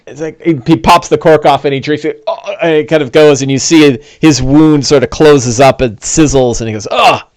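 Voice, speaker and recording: A man narrating as game master for a tabletop game, animated and quick to laugh. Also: fairly high pitch, no room sound, studio quality.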